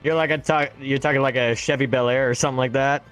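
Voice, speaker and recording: A man's voice: medium pitch, fairly even intonation, quick pace, a bit bright, faint music behind. A man on a podcast riffing jokes in a playful, casual chat. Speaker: podcast co-host.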